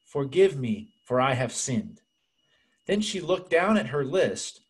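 Earnest male pastor preaching. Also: a little high. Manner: earnest, conversational preaching addressing listeners as friends. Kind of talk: sermon.

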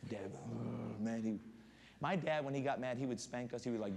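A man preaching as a guest pastor in a church, reading scripture aloud and telling animated stories. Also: medium pitch, moderate pace, vocal fry. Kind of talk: sermon. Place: church sanctuary. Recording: long hall reverb, faint room noise.

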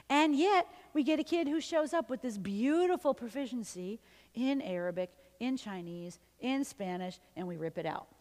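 A woman's voice: medium pitch, big-room sound. A woman linguist giving a conversational symposium lecture. She switches between English and Spanish and keeps checking in with "okay?" and "right?". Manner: lively, often ends points with "okay?" or "right?". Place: university lecture hall.

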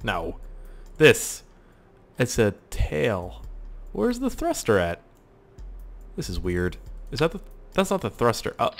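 Excitable man with a lively voice. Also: mid-range voice, slow, creaky, pauses often. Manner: excitable, swears and laughs at mishaps. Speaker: gaming YouTuber. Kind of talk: let's-play commentary.

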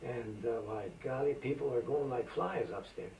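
An elderly man in his eighties, from Macedonia, reminisces in an oral history interview, wandering from one story to the next with lots of fillers. His voice is gravelly and sits at an ordinary pitch. It was caught from a distance in a roomy, echoey space with a faint hiss underneath. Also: moderate pace, a little mellow. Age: 80s. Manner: rambling, anecdotal, with frequent fillers. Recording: roomy amateur tape, voice from a distance.

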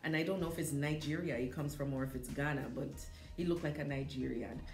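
A woman giving a casual spoken movie review in an animated, chatty way, with fillers and self-corrections. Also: deep voice, fast talker. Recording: echoey room with faint background music.

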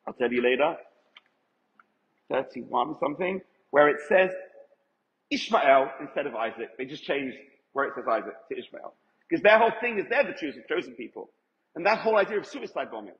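A man teaches as a rabbi before a live audience, emphatic and quizzing the listeners as he goes. His voice sits a little high. The recording is dull and lo-fi, with a long reverb from a large hall. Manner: emphatic, asks the audience questions. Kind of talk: Torah lecture to a live audience. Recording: echoey hall, dull lo-fi sound.

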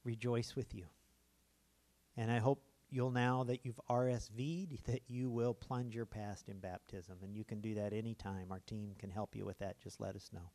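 A man as a pastor, closing a sermon with a soft, repetitive invitation to prayer in a church auditorium. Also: on the low side, steady tone, moderate pace. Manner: gentle, hushed, repetitive pleading during prayer. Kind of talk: sermon altar call and prayer.

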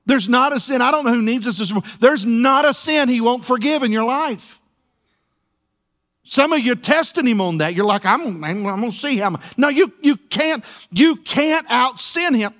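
A man's voice: very high voice, lively intonation, normal speed, fairly bright tone. A man pastor preaching a sermon in a church, folksy and playful, with call-and-response asides to the congregation. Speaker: senior pastor. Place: church sanctuary.

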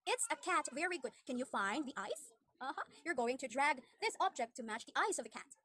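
A woman teaching an online English demo lesson to a young child, with exaggerated cheerful praise and slow, simple teacher-talk. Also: high voice, very animated, background noise.

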